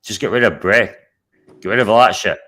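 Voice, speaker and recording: A man hosting a casual live stream, blunt and animated, swearing constantly while telling stories. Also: fairly low pitch, fairly quick. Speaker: show host.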